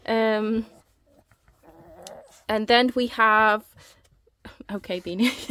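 Filming on a handheld camera, a woman who vlogs about books shows off her home library in an unhurried, fairly high-pitched voice. She sounds out of breath and talkative, tripping over her words frequently.

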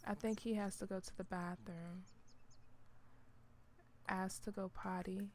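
A young woman giving gameplay commentary as a channel host, chatty and excitable, talking to the game characters and dropping into whispered asides. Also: medium pitch, unhurried.

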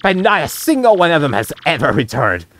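A woman's voice: sits low, sing-song, brisk, fairly bright tone, pitched below the performer's own voice. Woman putting on a boastful rich merchant man. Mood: excited. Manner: theatrical fake-Italian phrasing, grand boasts. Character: pompous rich male merchant, dramatic and greedy. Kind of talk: voicing game dialogue aloud.

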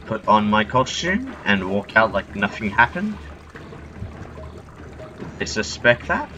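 A man's voice: lowish voice, big pitch swings, slow pace, pauses often, pushed and bright, faint music behind. A man narrating his own play of a stealth game, joking, swearing and talking to himself as he goes. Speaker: gaming channel host. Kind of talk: let's play commentary.

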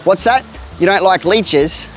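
A man's voice: sits high, measured pace, soft background music. An Australian man hosting a kids' outdoor adventure vlog outdoors by a creek, upbeat and talking straight to the children and his pet bird. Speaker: host of a kids' outdoor show.

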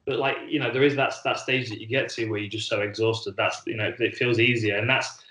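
A man's voice: fairly low pitch, fairly even intonation, fairly quick, sharp tone. A man, a former fighter co-hosting a podcast, talking in a casual, rambling way and often repeating words as he thinks. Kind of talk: casual chat. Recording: echoey room.

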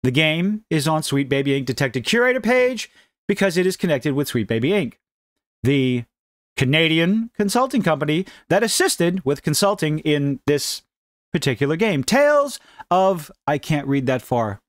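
A man's voice: fairly high pitch, moderate pace, no echo. Middle-aged guy ranting sarcastically about games, voice jumps all over, dry close mic. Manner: sarcastic, mocking, animated delivery. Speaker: gaming commentary host. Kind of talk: ranting commentary vlog.

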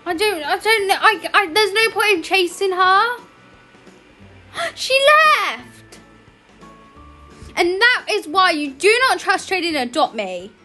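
A woman talks over her gameplay in a very high-pitched voice. Her delivery is chatty, rambling and emotional, with many restarts. Her voice has a sharp, bright edge. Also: lively intonation, measured pace, faint music behind. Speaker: gaming YouTuber. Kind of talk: game commentary vlog.

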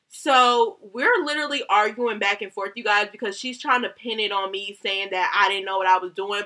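A young woman, a hairstylist, telling a heated story about a bad salon visit, animated and swearing often. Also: a little high, brisk. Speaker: hairstylist vlogger. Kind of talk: casual storytime rant.

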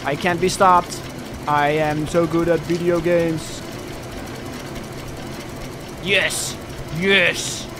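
A young man commentating his own gameplay, excitable and swinging between panic and cocky boasting. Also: on the high side, vocal fry, background noise. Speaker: gaming streamer.

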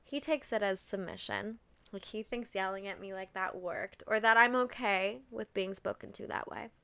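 Bright-voiced young woman telling a story. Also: medium pitch, normal speed, gravelly, smooth. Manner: candid and expressive, swears freely, many likes. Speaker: podcast host. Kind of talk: casual confessional storytelling.

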